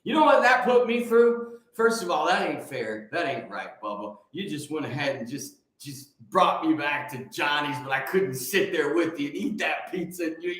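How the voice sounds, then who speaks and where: A man's voice: fairly high pitch, lively intonation, normal speed, hardly any pauses, a bit bright. Emphatic man in an echoey room. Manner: emphatic, preachy, reads out viewer comments. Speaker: host of a morning livestream. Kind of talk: casual live-stream chat with viewers.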